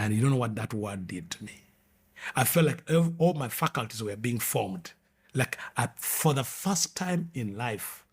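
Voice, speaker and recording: A man earnestly telling his personal testimony in a halting way, restarting his sentences often. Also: medium pitch, slightly rough. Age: 20s or older, adult.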